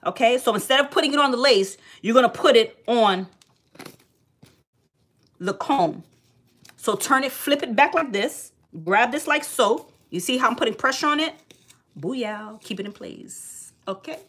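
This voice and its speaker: A woman's voice: on the high side, animated, measured pace. A woman, chatting blunt and sassy on a livestream wig tutorial. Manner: loud sing-song greetings to viewers, sassy and blunt. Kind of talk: casual livestream chat.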